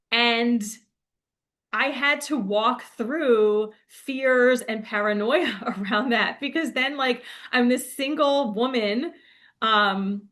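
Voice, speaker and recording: A woman's voice: on the high side, a bit bright. A young woman telling a rambling, laughing story in a casual monologue, full of fillers. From New Jersey. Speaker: spiritual coach.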